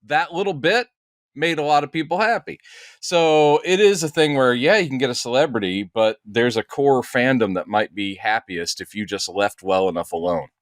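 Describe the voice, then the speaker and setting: A male podcast co-host talks at a moderate pace in a mid-range voice, recorded in a clean studio with no echo. It's a loose, casual chat where he rambles, restarts often, and leans on fillers.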